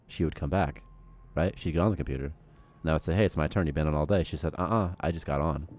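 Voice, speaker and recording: A man in his late twenties, a game programmer chatting casually on a development stream and telling stories in a profane, animated way. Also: extremely low pitch. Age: 20s. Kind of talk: casual dev stream chat.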